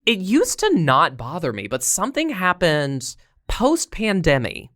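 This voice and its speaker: Animated comedic podcast co-host. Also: medium pitch, no echo, studio quality. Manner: animated, joking, quick asides. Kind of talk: casual comedic chat. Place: recording studio.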